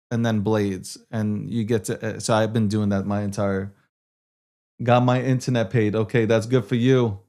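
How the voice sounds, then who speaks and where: A man's voice: fairly low pitch, little pitch movement, moderate pace, a little mellow. A man hosting a casual solo show, rambling, repeating himself and swearing offhand. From New York. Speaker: show host.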